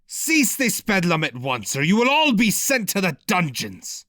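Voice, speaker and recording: A man's voice: on the high side, huge pitch swings, a little slow, bright, forceful tone, no echo, clean studio sound, pitched above the performer's own voice, exaggerated voice. A man voicing an irritable, commanding prince who speaks in a growl. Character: irritable young male prince, commanding and menacing.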